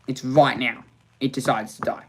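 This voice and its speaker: A man's voice: medium pitch, steady tone, moderate pace, a bit bright, a little hiss or hum. A man hosting a live motorsport watch-along, talking to his viewers in a sarcastic, exasperated way and muttering to himself.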